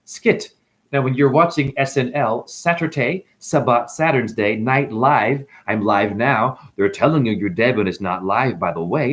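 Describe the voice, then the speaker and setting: A man talking straight to camera in a rambling, animated monologue, swearing and swinging between loud outbursts and muttered asides. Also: mid-range voice, unhurried. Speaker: vlogger.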